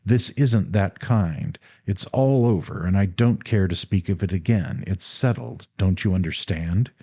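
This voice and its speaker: A man's voice: deep voice, measured pace, a little mellow, slightly rough, full character voice. A man voicing a proud, hot-tempered young man who speaks sharply, coldly and emphatically. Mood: bitter cold.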